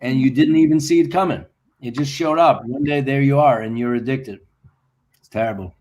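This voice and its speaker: A man's voice: mid-range voice, fairly quick, a little mellow, low-quality recording. A man on a video call, telling a candid, emotional personal story and quoting others as he goes. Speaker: guest musician.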